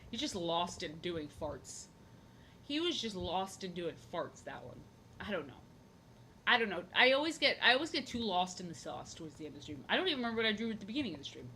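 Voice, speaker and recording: A woman's voice: lowish voice, very animated, fast, pushed and bright, a little hiss or hum. A young woman chatting casually on her drawing stream, rambling, goofy and repeating herself. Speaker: art streamer.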